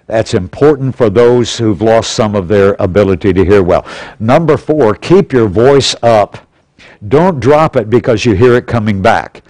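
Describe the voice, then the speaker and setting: A man's voice: on the low side, animated, a little slow, darkish tone, no room sound, low-quality recording. A man teaching a practical church class in an auditorium, plainly and instructively, repeating his key points. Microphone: stationary pulpit mic.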